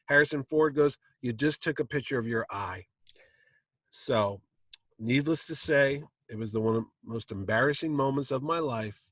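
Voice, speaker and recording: On a convention stage, a comic con panel host with a slightly high voice launches into an animated anecdote, performing the quoted lines himself. The recording is dry.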